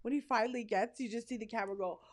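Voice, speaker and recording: A woman from Canada co-hosting a podcast, telling stories in a candid, animated, casual way. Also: a little high, racing. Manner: candid, animated storyteller who slips into voices. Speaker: podcast co-host. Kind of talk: casual chat.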